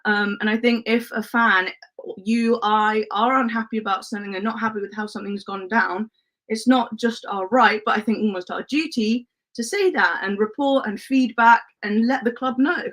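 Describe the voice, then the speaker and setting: A woman's voice: fairly high pitch, normal speed, fairly bright tone, rough recording. Chatty woman hosting a live stream. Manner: chatty, laughs often, lots of fillers, gets passionate. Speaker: football channel host reading live chat. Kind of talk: casual live-stream chat.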